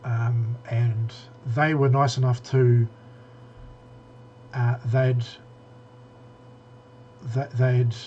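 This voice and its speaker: A man's voice: mid-range voice, flat delivery, extremely slow, pauses often, dull audio, slight background noise. A man co-hosting a casual tech podcast, rambling with many restarts and fillers. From New Zealand. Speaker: podcast co-host.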